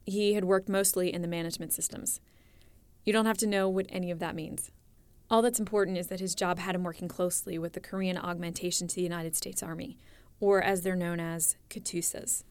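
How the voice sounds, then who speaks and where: A woman narrating a documentary story in a scripted, clear and measured way. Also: fairly low pitch, steady tone, no room sound.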